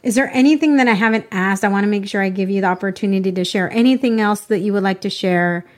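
A woman's voice: medium pitch, fast. A woman hosting a podcast interview, chatting casually and gushing emotionally about her own wins. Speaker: podcast host.

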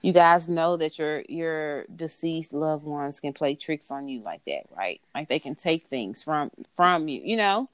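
A woman's voice: deep voice, expressive, unhurried, hardly any pauses. A woman chatting casually, rambling with fillers and repeated words. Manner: conversational, lots of fillers and repeats. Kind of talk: casual chat.

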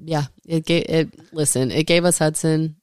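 A woman's voice: low voice, fairly even intonation, moderate pace, a little mellow, smooth, dry recording, studio quality. A woman in her thirties from Texas, a podcast guest in laid-back casual chat at her home, trailing off with fillers. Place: living room of her home.

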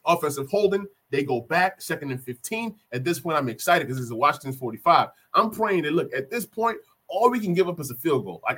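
Husky-voiced man excitedly recapping a game. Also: on the high side. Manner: animated, repeats key plays for emphasis. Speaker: sports fan vlogger.

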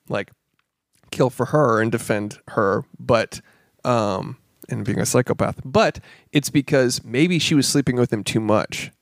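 A man's voice: medium pitch, dry recording, clean studio sound. A man co-hosting a podcast, rambling casually about a movie with lots of swearing and laughter. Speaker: podcast co-host.

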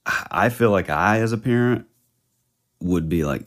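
A man with a low voice chats casually on a podcast. He thinks aloud as he goes, hesitating and filling pauses with "like" and "you know.". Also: animated, a bit bright. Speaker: podcast co-host. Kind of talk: casual chat.

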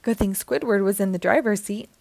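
A woman narrating a children's storybook aloud, with an expressive, clear delivery. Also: mid-range voice, a little fast, no echo. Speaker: children's book reader.

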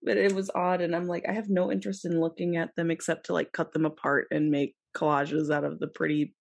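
A woman's voice: sits low, flat delivery, brisk, vocal fry. A young woman co-hosting a podcast, bantering playfully and swearing in casual chat. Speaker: podcast co-host.

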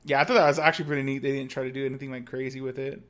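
A man's voice: mid-range voice, level tone, racing, fairly bright tone. A man co-hosting a podcast in casual chat, talking loosely with many fillers and restarts. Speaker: podcast co-host.

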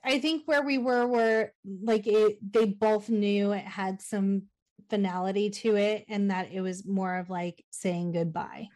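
A woman's voice: mid-range voice, fairly even intonation, a little slow, a little mellow. Chatty woman in her forties recapping. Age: 40s. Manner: chatty, frequent "like" fillers, laughs easily. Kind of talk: casual chat recapping a movie.

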